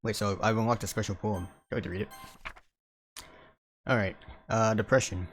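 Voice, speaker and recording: Man, low voice, let's play commentary, casual, hesitant, reads game text. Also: brisk, pauses often, slight background noise. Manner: reads aloud, hesitant fillers, chuckles. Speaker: gaming video host.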